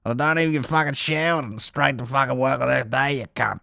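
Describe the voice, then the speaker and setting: A man voicing a rough, drunk quarry worker, swearing boorishly. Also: mid-range voice, fairly even intonation, fairly quick, pushed and bright, voice pushed up.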